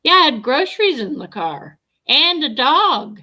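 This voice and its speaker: A woman's voice: sits high, big pitch swings, a little slow, sharp tone. A middle-aged woman livestreaming, chatting bluntly and answering her viewers' comments as she goes. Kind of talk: casual livestream chat.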